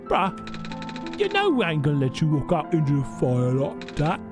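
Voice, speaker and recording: A man's voice: a little high, wildly swooping pitch, moderate pace, music in the background. A man voicing a brash, slangy woman with a half-Cockney lilt who keeps saying dude. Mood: laid-back. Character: brash slangy surfer-like female townsperson.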